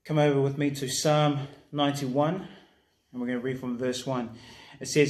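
A man pastor giving a recorded sermon in a warm, conversational preaching manner that drops soft in prayer. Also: mid-range voice, little pitch movement, normal speed, roomy sound.

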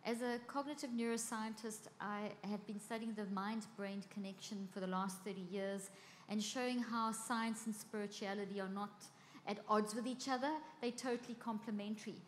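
A woman's voice: mid-range voice, steady tone, normal speed. A woman who is a cognitive neuroscientist giving an enthusiastic conference talk on stage. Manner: bubbly, enthusiastic. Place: large conference hall with audience. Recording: long hall reverb, faint crowd noise.

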